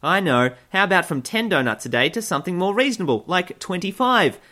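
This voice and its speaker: A man's voice: sits high, expressive, brisk, sharp tone. A man hosting satirical news commentary, delivering figures straight and then cutting in with sarcastic, mock-cheerful jokes. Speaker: comedy news host.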